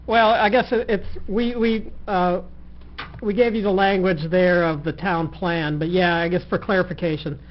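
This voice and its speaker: A man presenting to county commissioners as a planner, speaking in a measured way with hesitant fillers. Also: high voice, fairly even intonation. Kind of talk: staff presentation. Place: county commission meeting room. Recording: muffled recording with faint noise.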